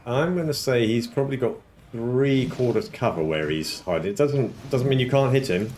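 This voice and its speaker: A man running a tabletop game as game master, relaxed and chuckling, often clearing his throat. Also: mid-range voice, normal speed, slight background noise. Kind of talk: narrating a tabletop game over a call.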